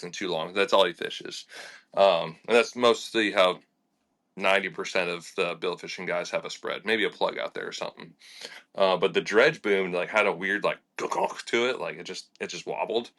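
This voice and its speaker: A young man tells fishing stories in a casual podcast chat. He talks in a lowish but bright, forceful voice. He acts out what people said and laughs often. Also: normal speed. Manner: animated and laughing, with lots of fillers and acted-out quotes. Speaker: fishing charter captain. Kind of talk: casual storytelling in a podcast interview.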